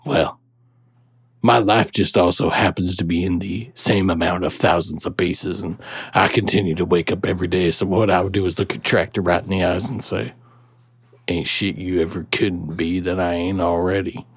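A man's voice: deep voice, fairly even intonation, moderate pace, slightly rough, pitched below the performer's own voice. A man playing a crude, rambling shock-jock radio DJ who takes callers and laughs between his quips. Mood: brash.

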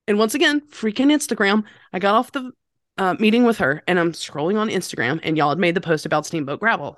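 Woman podcast guest, low-pitched, animated and self-deprecating, dry close sound. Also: dry recording. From North Carolina. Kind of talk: casual conversational storytelling.

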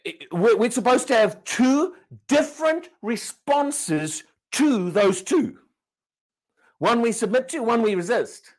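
Animated preacher with lively pitch. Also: male voice, slow. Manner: emphatic, repeats and restarts words, asks the congregation questions. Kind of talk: sermon.

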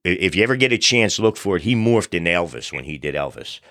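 A man hosting a podcast, telling funny stories in a relaxed, animated way. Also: low voice, fast, no echo, clean studio sound. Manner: animated storyteller, acts out crowd voices. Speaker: podcast host. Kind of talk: casual storytelling chat.

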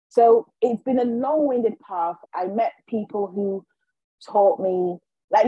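Woman recounting her story, warm husky voice, kinda dull lo-fi sound. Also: medium pitch, no room sound. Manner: animated, acts out quoted dialogue. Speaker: guest, healer and intuitive. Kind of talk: personal storytelling in a podcast interview.

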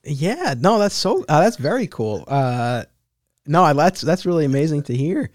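A man's voice: fairly high pitch, very animated, normal speed, dry recording, clean studio sound. A man hosting an interview, reacting with enthusiasm and often restarting his sentences as he asks questions. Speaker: interviewer, host. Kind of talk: casual interview chat.

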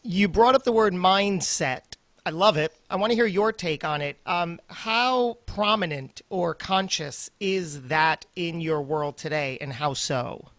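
A woman's voice: lowish voice, measured pace, few pauses. A woman hosting a podcast interview, asking questions and giving short encouraging reactions. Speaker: podcast host.

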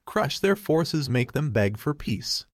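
A man's voice: medium pitch, very animated, slow, no room sound, studio quality. A man voicing a stern, harsh older sultan king who speaks in a commanding, snapping tone.

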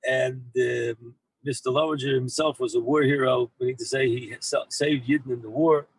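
A man who heads a yeshiva, telling an anecdote in an animated way to his former students, mixing in Hebrew and Yiddish words and often repeating himself as he goes. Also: medium pitch, moderate pace, breathy edge, dry recording, poor audio. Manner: frequent repeats and restarts. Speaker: rabbi and yeshiva head. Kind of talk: storytelling talk to former students.

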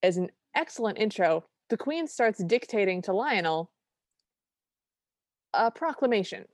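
A woman talks through a film in casual podcast chat, bubbly and quick to act out lines she quotes. Her voice is mid-pitched. It sounds dry and close, with no room around it. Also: animated, dry recording. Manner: enthusiastic, acts out quoted lines. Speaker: podcast co-host.

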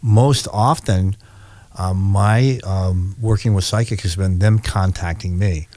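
An older man answers interview questions in a slow, measured way, often stopping to think mid-sentence. His voice is deep and sits close and dry on the mic. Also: a little mellow, no echo. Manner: measured, halting, many uh and um. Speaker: former sheriff, guest.

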